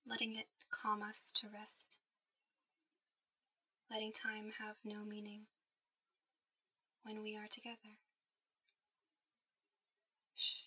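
Breathy whispering woman, whispered role-play. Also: fairly high pitch, poor audio. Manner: soft intimate whisper, guiding to sleep. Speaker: ASMR performer.

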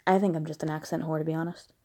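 This woman from the American South speaks rapid-fire in a low, mellow voice with flat delivery. Reading listener questions at home beside her dog, she answers frankly and bluntly in a casual Q&A monologue, tossing in giggly, laughing asides.

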